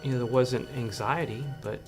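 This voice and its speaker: A father telling his story in a reflective interview, halting and earnest with many restarts. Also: mid-range voice, fairly even intonation, a little mellow, faint music behind.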